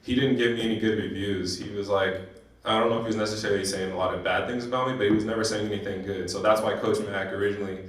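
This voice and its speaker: A man's voice: on the low side, steady tone, distant mic. Man speaking in an echoey hall. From San Diego, California. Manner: emotional, halting storytelling with restarts. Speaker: guest speaker. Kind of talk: personal speech at a banquet. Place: banquet hall.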